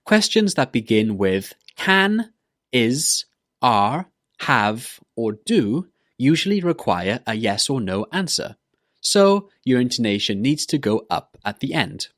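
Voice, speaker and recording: A man teaching an English pronunciation lesson, modelling words and questions slowly and carefully for listeners to repeat. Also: mid-range voice, very animated, fairly bright tone, dry recording, studio quality.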